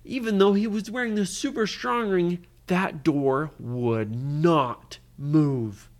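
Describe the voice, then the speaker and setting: Brief: lively storyteller, improvised kids' tale, keeps asking questions. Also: medium pitch, takes it slowly. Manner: animated, keeps quizzing the listener. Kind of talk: improvised bedtime story for a child.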